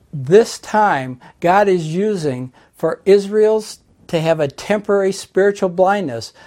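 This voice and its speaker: A male preacher delivers a Bible-teaching sermon at an unhurried, deliberate pace. His voice is warm and mellow, never sharp. He reads scripture aloud and explains it point by point. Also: sits high.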